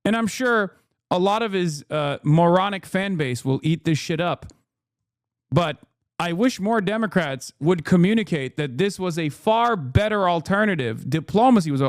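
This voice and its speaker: A man's voice: high-pitched, no room sound, studio quality. Sarcastic, profane streamer man. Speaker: streamer reacting to news. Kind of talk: livestream political commentary.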